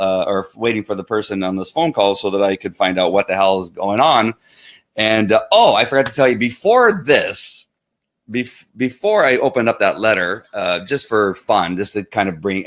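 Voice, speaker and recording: Low-voiced man telling a rambling story. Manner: rambling, with frequent restarts and asides. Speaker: vlogger. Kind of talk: casual storytelling monologue.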